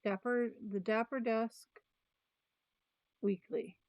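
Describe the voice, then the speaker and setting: A woman's voice: a little high, steady tone, slow, no room sound, muffled recording. A woman vlogger chatting casually about planners, thinking aloud with restarts and trailing sentences. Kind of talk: casual chat.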